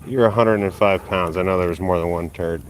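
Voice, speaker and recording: A man chatting casually and cursing as he walks his dog, muttering asides and jumping way up in pitch to praise the dog, filmed on a phone outdoors. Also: fairly quick, a little hiss or hum. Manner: relaxed and profane, muttering asides, jumps high when praising the dog. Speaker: dog owner streaming a live walk. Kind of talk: casual live-stream commentary while walking a dog. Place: outdoors on a street. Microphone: phone held while walking.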